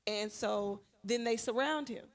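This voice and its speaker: A woman teacher gives an earnest, animated testimony at a church Bible study, telling a story in a conversational way. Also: a little high, unhurried. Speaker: schoolteacher sharing at a Bible study.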